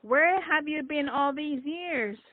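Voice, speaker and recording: A woman voicing a reserved young woman who answers quietly and briefly. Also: sits high, slow pace, no room sound, pitched above the performer's own voice. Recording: tinny phone-like dry sound.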